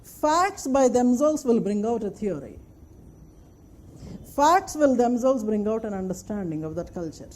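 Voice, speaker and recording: Casting: female lecturer, high mellow voice, emphatic classroom delivery. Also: animated, measured pace, a little hiss or hum. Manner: emphatic, repeats points and checks the class follows. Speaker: anthropology lecturer.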